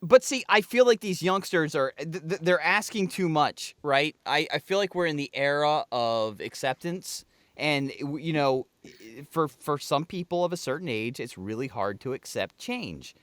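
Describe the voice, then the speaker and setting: A middle-aged man argues his corner in a casual podcast chat, tripping over his first words and swearing as he goes. His voice sits a bit high and sounds close and dry. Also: expressive, moderate pace, a bit bright, no room sound. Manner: stammering, heated, profane. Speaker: podcast co-host.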